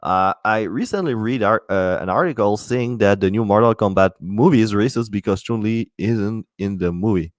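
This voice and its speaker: A man's voice: fairly low pitch, moderate pace, hardly any pauses, no room sound. A man hosting a solo podcast, rambling casually with lots of swearing and false starts. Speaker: podcast host.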